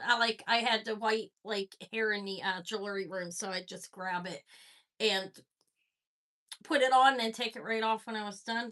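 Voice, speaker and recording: A chatty woman runs a live jewelry sale, talking loosely and greeting viewers one by one. Her voice sits a little high and sounds bright and forward. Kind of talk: casual live-stream selling chat.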